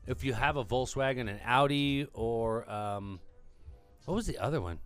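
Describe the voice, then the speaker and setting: A woman's voice: extremely low pitch, moderate pace, soft background music. A woman co-hosting a podcast who also works as a radio DJ, joking, swearing and talking in a laid-back way. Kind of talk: casual podcast chat.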